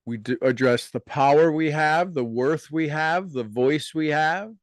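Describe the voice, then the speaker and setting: A man giving a motivational talk to an audience, explaining ideas earnestly and guiding listeners through slow, deliberately repeated affirmations. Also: a little high, no echo, clean studio sound.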